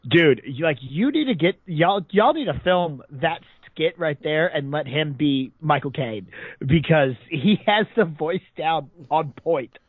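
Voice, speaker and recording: Male co-host from New Jersey, lively pitch, slightly high, dry dull audio. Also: measured pace, dry recording. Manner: expressive, exasperated reactions, frequent restarts. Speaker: podcast co-host. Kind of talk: casual chat.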